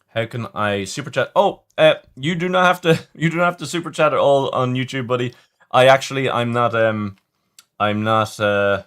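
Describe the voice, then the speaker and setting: A man's voice: lowish voice, a bit bright. A man hosting a livestream, chatting casually and rambling as he reads viewer comments. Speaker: livestream host.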